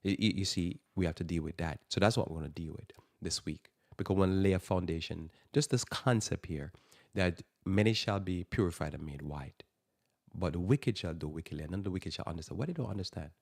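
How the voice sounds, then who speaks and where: Deep-voiced man preaching on radio. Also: fairly quick, gravelly, darkish tone. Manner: emphatic, repeats phrases for stress. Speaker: radio talk show host. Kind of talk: preaching Bible talk.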